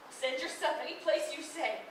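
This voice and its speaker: A woman's voice: high voice, animated, unhurried, pushed and bright, full character voice. A woman playing a spirited young farm girl on stage, with a feisty country twang. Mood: defiant. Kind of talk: amateur stage acting. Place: large theater stage. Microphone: distant audience camera. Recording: echoey hall, far from the mic, faint hiss.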